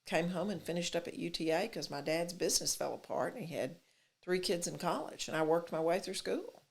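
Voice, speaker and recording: A woman's voice: fairly low pitch, lively intonation, a little fast, creaky. An older woman with a thick Texas accent, a city mayor telling stories as an interview guest, often acting out both sides of past conversations. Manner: chatty storyteller who acts out quoted exchanges. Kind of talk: casual interview chat.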